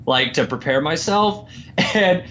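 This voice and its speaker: A man in casual podcast chat, ranting about films with lots of energy and laughing as he talks. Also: a little hiss or hum. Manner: animated, laughs often, mimics people in a slow low drawl. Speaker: podcast guest. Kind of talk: casual chat, movie rant. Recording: dull lo-fi audio.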